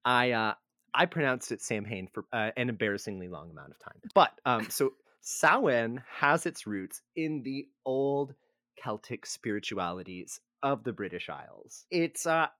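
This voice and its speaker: A man's voice: medium pitch, animated, moderate pace, sharp tone, no room sound, studio quality. A man co-hosting a casual podcast, rambling and self-deprecating as he explains history. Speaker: podcast co-host.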